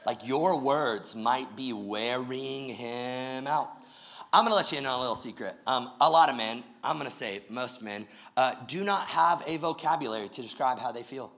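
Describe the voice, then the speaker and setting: A man with a bright, forceful voice delivers a lively sermon to his congregation. He speaks directly and with energy, dropping in quick jokes as he goes. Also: mid-range voice. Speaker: pastor.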